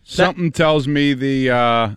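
A man co-hosts a morning radio show and drops dry, joking asides into the conversation. His voice sits at an ordinary middle pitch. It is recorded close, with a dry sound. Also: a little slow, a bit bright, clean tone, dry recording. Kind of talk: casual morning radio chat.

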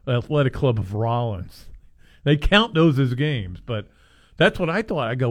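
A man's voice: medium pitch, expressive, moderate pace. A man co-hosting a sports talk show, rambling casually and chuckling as he interrupts himself. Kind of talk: casual sports radio chat.

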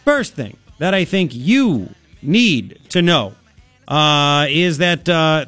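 A man's voice: a little high, sing-song, slow, fairly bright tone, no echo, faint music behind. A man hosting a talk radio show, delivering a brash, sarcastic, opinionated monologue into a studio microphone.

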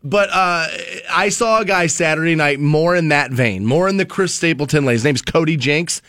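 A man with a fairly high voice banters on a morning radio show. He talks in an animated, teasing way, telling stories to his co-host. The studio sound is dry and close. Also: moderate pace, dry recording.

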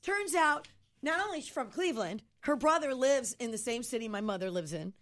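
A woman's voice: a little high, a little fast. A woman from Ohio co-hosting a radio talk show, telling stories in a casual chat and acting out the quoted lines. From Ohio, USA. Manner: animated, acts out quoted dialogue.

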